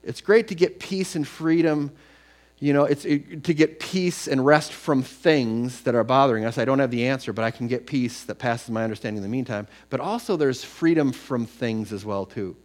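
A man's voice: medium pitch, normal speed, few pauses. Middle-aged man preaching a sermon. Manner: conversational storytelling that swells to emphatic scripture reading. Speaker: pastor.

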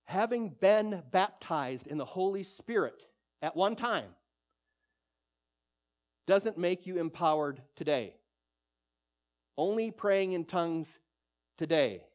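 A man with a high-pitched voice delivers an exhorting sermon. He preaches with animated emphasis and repeats his key phrases to drive them home. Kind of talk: sermon teaching.

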